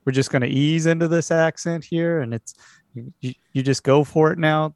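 A man's voice: fairly high pitch, steady tone, normal speed, a little mellow, no room sound, studio quality. Playful Texan man at the table. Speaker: player. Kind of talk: tabletop role-play banter.

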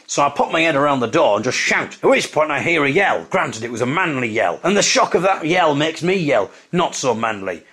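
A man's voice: medium pitch, animated, brisk, few pauses, fairly bright tone, slightly rough. A man hosting a comic podcast, telling a rambling, self-mocking story. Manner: self-deprecating, rambling storytelling with put-on voices. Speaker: podcast host. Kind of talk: comic monologue.

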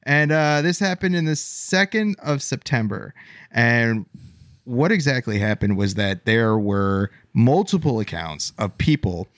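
A man in a casual podcast chat, telling a story between frequent uhs and pauses. His pitch sits in an ordinary middle range. The recording is dry and close, with no room sound. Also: expressive, a bit bright, no room sound. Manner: halting, filler-heavy telling with many uhs. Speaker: podcast co-host narrating the story.

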